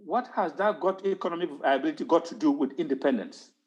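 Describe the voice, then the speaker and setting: A man's voice: a little high, a little fast, highs cut off. A man giving an impassioned talk on history at an online town hall, stressing points by repeating words. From Cameroon.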